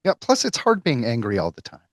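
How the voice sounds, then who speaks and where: A male podcast host chatting casually with a guest, with a lively, wide-ranging voice. His lines are short, friendly prompts, recorded close and dry. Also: mid-range voice, quick pace, no room sound. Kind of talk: casual interview chat.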